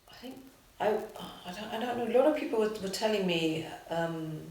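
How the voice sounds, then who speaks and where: Halting, soft-spoken woman in a reverberant space. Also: medium pitch. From England and Japan. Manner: halting, many restarts, drops to near whispers. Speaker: interviewee. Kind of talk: personal testimony in a documentary. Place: city street or park. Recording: reverberant, slightly noisy.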